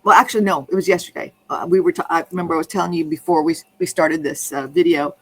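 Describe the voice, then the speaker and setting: A woman's voice: low-pitched, fairly even intonation, fast, breathy edge, poor audio. A woman in casual conversation, telling a rambling anecdote that keeps restarting and circling back.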